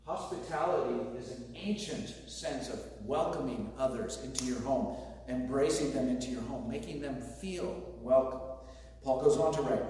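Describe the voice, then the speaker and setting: A pastor delivering a conversational sermon with joking asides, speaking to a congregation. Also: male voice, mid-range voice, moderate pace, warm tone. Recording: very echoey hall, distant mic, faint noise.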